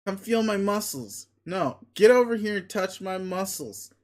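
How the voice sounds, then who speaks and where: A man reading a webcomic aloud, voicing a boastful, crude, muscle-obsessed male creature who swears loudly and gives commands. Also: high voice, animated, unhurried, voice pushed up. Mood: bragging. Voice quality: loud, bragging, swears constantly. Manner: bombastic, pushy, commanding.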